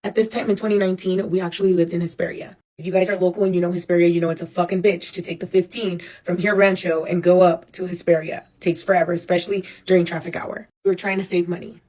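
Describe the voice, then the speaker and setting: A woman in her thirties telling a personal story for a casual storytime vlog, animated and profane, acting out the people she quotes. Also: fairly low pitch, fast talker, hardly any pauses. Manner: animated, profane, dramatic retelling with acted-out quotes. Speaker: storyteller recounting her own life.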